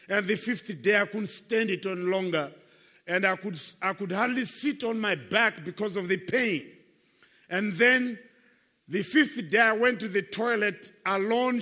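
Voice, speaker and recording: An older Christian speaker gives young people an earnest, emphatic testimony sermon, repeating key phrases for weight. He has a high, sharp voice, and a long reverb tail trails behind it.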